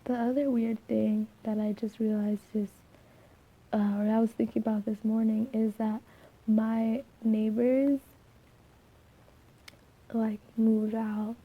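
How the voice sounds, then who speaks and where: A soft-spoken young woman with a slightly scratchy voice, rambling through a casual vlog with many fillers and restarts. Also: fairly high pitch, level tone, slow pace, pauses often, breathy edge, phone-quality sound. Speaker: vlogger.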